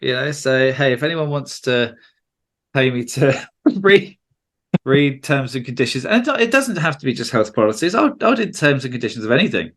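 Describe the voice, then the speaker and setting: A man's voice: mid-range voice, big pitch swings, normal speed, a bit bright. Southern english guy, jokey podcast host, rambling and chatty. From England. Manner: chatty, jokey, slips into mock regional accents. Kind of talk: casual podcast chat.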